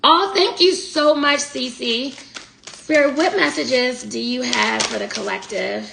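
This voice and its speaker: A tarot reader gives a casual live reading, blunt and slangy, speaking straight to her viewers. Her voice sits high, with vocal fry, and she takes it slowly; the room is echoey with faint noise.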